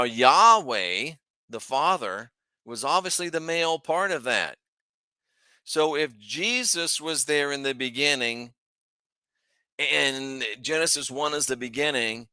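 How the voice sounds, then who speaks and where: A man's voice: medium pitch, bright, forceful tone, smooth, no echo, clean studio sound. A man hosting his own channel, teaching from the Bible in a casual, emphatic way, asking rhetorical questions and thinking aloud as he shares his screen. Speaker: host.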